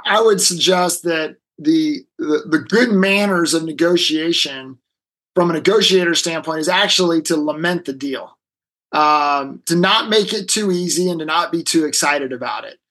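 Appearing as an interview guest, a negotiation expert with a husky, slightly high voice tells a story with lots of energy, acting out the voices of the people involved. The recording quality is low.

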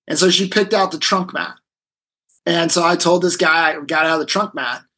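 Man, husky, slightly high voice, animated storyteller, interview guest. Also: moderate pace, low-quality recording. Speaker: guest, negotiation expert. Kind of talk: storytelling in a conversation.

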